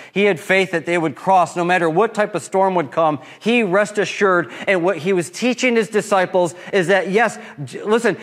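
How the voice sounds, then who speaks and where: A man preaching a sermon as pastor, rising to loud impassioned peaks and dropping to soft, slow lines. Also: sits high. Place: church.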